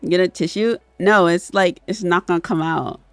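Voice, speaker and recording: A woman's voice: lowish voice, normal speed, dry recording, faint music behind. A woman streamer chatting casually with a stuffy, sniffly nose, laughing often and swearing freely. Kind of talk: casual livestream chat.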